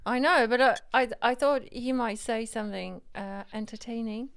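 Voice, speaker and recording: A woman chiming in on a podcast chat with dry, quiet remarks. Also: a little high, normal speed, vocal fry, clean tone. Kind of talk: casual chat.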